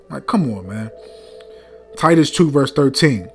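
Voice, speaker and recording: A man's voice: fairly high pitch, brisk, soft background music. A man preaching a heated rebuke sermon, reading scripture between blunt, profane remarks, often stumbling over fillers and repeating "man".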